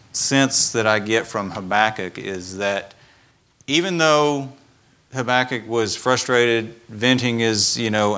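A man preaching a sermon in a conversational, animated way, acting out quoted asides. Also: mid-range voice. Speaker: pastor.

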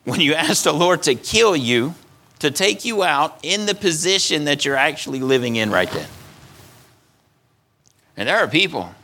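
Bright-voiced male pastor preaching. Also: fairly high pitch. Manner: earnest preaching, acts out voices of stubborn people, repeats words. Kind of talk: sermon.

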